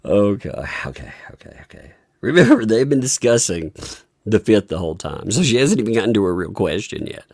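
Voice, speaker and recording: A woman's voice: a bass voice, big pitch swings, brisk, a little mellow, no room sound, clean studio sound. A woman giving casual live reaction commentary on a court video, often breaking into fits of laughter. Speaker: livestream commentator.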